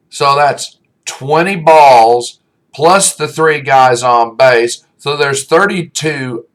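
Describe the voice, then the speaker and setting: A man's voice: medium pitch, fairly bright tone. A man giving a humorous motivational talk, telling a coaching story in a blunt, folksy, emphatic way. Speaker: speaker, former youth baseball coach.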